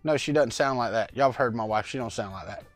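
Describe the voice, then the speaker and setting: This casual live-chat vlog features a middle-aged man streaming from his home workspace, talking quickly in a mid-range voice and greeting chat viewers by name as he rambles. He uses a lavalier mic, there's no echo, and faint music plays behind him.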